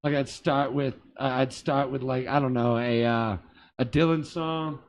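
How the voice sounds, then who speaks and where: A man's voice: mid-range voice, fairly even intonation, a little slow, a little hiss or hum. A man from Boston, a comedian guest, telling stories in a casual, rambling way with lots of asides. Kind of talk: casual storytelling chat. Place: small theater.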